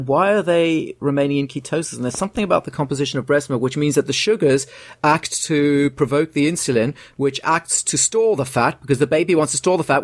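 A man's voice: a little high, dry recording, clean studio sound. A man in casual podcast chat, explaining at length and often restarting his words. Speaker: podcast co-host.

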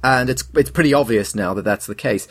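A man's voice: medium pitch, brisk, no echo. A man in casual podcast chat, explaining at length and often restarting his words. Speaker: podcast co-host.

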